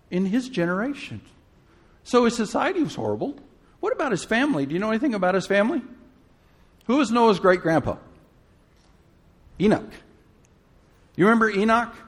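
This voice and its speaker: A preacher with a notably high voice delivers a sermon. He speaks casually to the congregation, posing questions and throwing in humorous asides.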